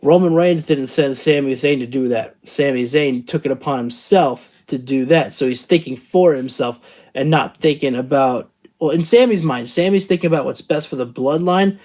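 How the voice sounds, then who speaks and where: A man's voice: medium pitch, normal speed, darkish tone. A tired man hosting a casual show review, rambling and thinking aloud with many fillers. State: tired from the late hour. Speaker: wrestling channel host.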